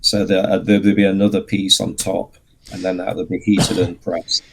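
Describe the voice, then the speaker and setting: A man, a guest on a casual interview podcast, explaining his craft patiently with plenty of pauses and fillers. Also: low voice, flat delivery, gravelly, a little hiss or hum. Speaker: guest, miniature sculptor and painter.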